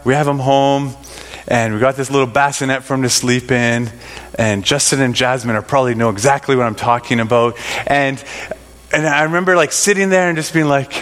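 A man's voice: medium pitch, normal speed, fairly bright tone. A middle-aged man telling a rambling personal story to a congregation, full of fillers and restarts. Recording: long reverb of a large hall.

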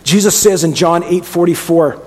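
A middle-aged man gives an earnest, conversational sermon in a slightly higher voice, often catching himself and restarting mid-sentence. His tone is breathy and husky, and a long reverb from the hall trails after each phrase. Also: normal speed. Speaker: pastor.

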